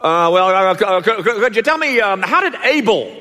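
A man's voice: high voice, fairly quick, in a large hall, voice pushed up. A man voicing an eager male questioner who stutters and trips over his words. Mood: eager, stammering. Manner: stuttering, hesitant, excited.

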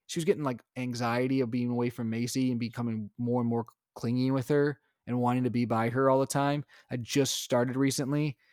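Casual storytelling dad, dry sound. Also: male voice, medium pitch, dry recording. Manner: animated storytelling, acts out his own lines. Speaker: podcast co-host, father. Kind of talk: casual chat.

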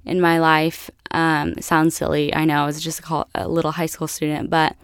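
Chatty young woman, low clear voice. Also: flat delivery, moderate pace, no echo, clean studio sound. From United States. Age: young adult. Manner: chatty, lots of "like" and laughs. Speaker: vlogger. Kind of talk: casual storytelling to camera.

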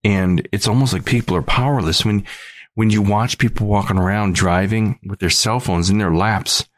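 A man's voice: fairly low pitch, moderate pace, dry recording. A middle-aged man hosting a podcast, talking in an earnest, rambling monologue full of restarts. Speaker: podcast host.

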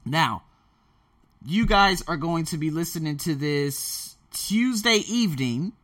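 Excitable man, animated rambling monologue. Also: on the high side, slow. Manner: excitable, often loses his thread and restarts. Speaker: podcast host preparing a talk.

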